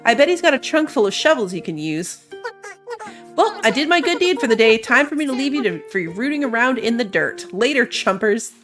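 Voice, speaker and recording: A woman's voice: on the high side, very animated, brisk, a bit bright, faint music behind. A woman voicing a condescending island guide who talks in a sarcastic, dismissive way. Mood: snide.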